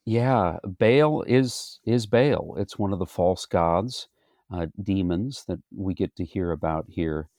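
A man who is a pastor, teaching a Bible study in a deliberate, explanatory way. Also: sits low, darkish tone, no room sound, studio quality.

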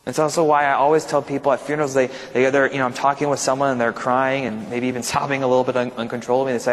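A male pastor with a medium-pitched, fairly flat voice leads an informal Bible study at a racing pace with hardly any pauses. He talks conversationally, repeatedly checking in with listeners by asking "right?" The church's large room gives the recording an echoey hall reverb.

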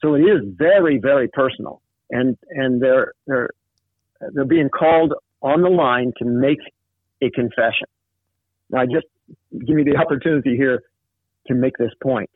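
A man's voice: medium pitch, normal speed, pauses often, no echo. Man explaining scripture over a tinny line. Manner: thoughtful, explanatory, with many fillers. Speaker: Bible study discussant. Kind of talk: casual Bible study discussion.

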